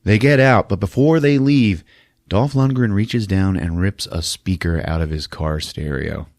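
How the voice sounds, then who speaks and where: A man's voice: low voice, unhurried, darkish tone, dry recording, studio quality. A man hosting a podcast, recapping a movie in a profane, comedic storytelling manner, laughing often. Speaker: podcast host. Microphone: podcast mic.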